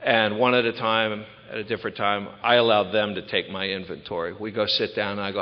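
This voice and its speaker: A man's voice: fairly low pitch, level tone, a little fast, few pauses. A man in his thirties from Maryland telling his recovery story candidly to a large gathering. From Ocean City, Maryland. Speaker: recovery speaker. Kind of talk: personal testimony talk. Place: large event hall. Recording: echoey hall, dull lo-fi sound.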